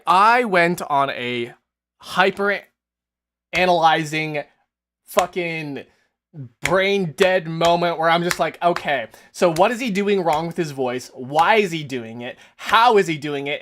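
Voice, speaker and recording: A man hosting a casual live stream, animated and exasperated, who swears often and keeps laughing mid-sentence. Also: fairly high pitch, slight background noise. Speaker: streamer host.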